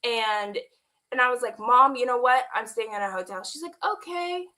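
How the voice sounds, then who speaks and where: A woman telling an emotional personal story as a guest, animated and quoting the people in it, laughing at times and close to tears. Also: a little high, normal speed. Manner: animated retelling with quoted dialogue, laughing and near tears. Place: online stream.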